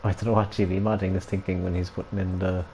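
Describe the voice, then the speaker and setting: A man chats casually on a live gaming stream, teasing his viewers in an easygoing, jokey way. His voice sits a little low, with a warm, mellow tone. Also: little pitch movement, fast talker, slight background noise, low-quality recording. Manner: jokey banter with chat.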